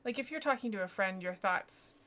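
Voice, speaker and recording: A woman's voice: medium pitch, lively intonation, fairly quick, pushed and bright. A woman game master in casual tabletop talk, thinking aloud with many fillers.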